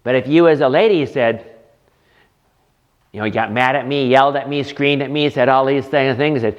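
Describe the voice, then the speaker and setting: A man's voice: medium pitch, moderate pace. A man teaching a counseling class as instructor, lecturing and asking the room rhetorical questions. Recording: dull lo-fi lecture recording.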